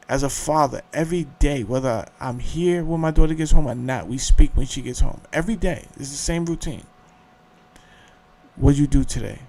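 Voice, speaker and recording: A man's voice: a little high, darkish tone. A middle-aged man hosting a show, ranting in a heated, profane monologue. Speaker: show host.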